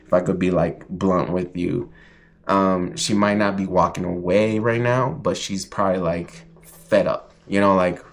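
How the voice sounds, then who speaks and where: A man's voice: low-pitched, fairly even intonation, unhurried, creaky. A man giving a casual livestream tarot reading, rambling and chatty with lots of fillers. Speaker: tarot reader.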